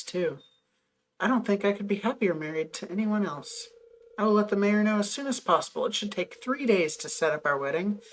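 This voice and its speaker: A woman voicing a warm young female artist who has just become engaged, read plainly. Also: medium pitch, a little hiss or hum, close to an everyday voice, poor audio.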